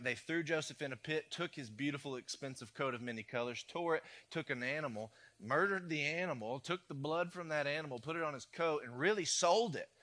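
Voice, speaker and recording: Bright-voiced preacher, conversational. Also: male voice, mid-range voice. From United States. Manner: conversational storytelling with playful asides. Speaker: pastor. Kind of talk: sermon.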